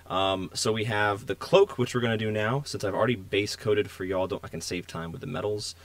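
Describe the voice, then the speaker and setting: A young man with a lowish voice hosts a casual painting stream. He chats with viewers in a loose, friendly ramble as he works, recorded close and dry with no room sound. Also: a little fast, no room sound. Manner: relaxed, chatty, talks to viewers while working. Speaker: miniature painting stream host.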